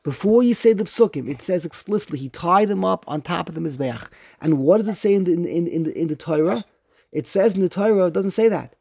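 A man teaching a religious class to a group, emphatic and animated, slowly chanting quoted verses and asking pointed questions. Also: sits high, creaky, husky, no room sound. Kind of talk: religious study lecture.

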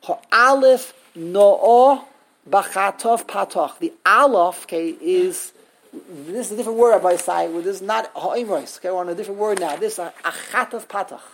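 A woman teaching a text study class, explaining grammar and sounding out words syllable by syllable. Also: mid-range voice. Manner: explanatory, sounds out syllables slowly, frequent restarts.

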